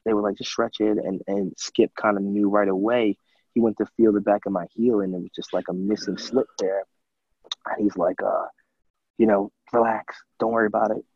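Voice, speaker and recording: Low, husky young man telling a story. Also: normal speed, dry recording, dull audio. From USA. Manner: animated storyteller, many fillers, acts out quotes. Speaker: guest, former college football player. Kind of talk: casual storytelling interview.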